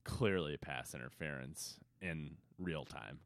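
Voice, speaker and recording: A man's voice: a bass voice, slow, no room sound, studio quality. A man co-hosting a podcast in casual chat, laid-back, laughing often and trailing off into mumbles. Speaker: podcast co-host.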